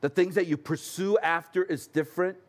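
A man's voice: high voice, fairly even intonation, fairly quick. A man pastor preaching a sermon in an earnest, conversational way with light humorous asides.

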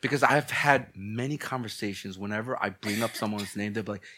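A male pastor giving a humorous sermon, telling stories in an animated, blunt, joking way, often laughing and mimicking people. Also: on the low side, brisk, very noisy.

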